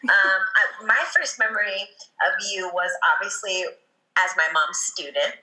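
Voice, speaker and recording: A woman's voice: medium pitch, moderate pace, bright, forceful tone. A woman in her thirties, a dancer guest in a casual chat, telling stories playfully and acting out quotes with laughter. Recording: echoey room.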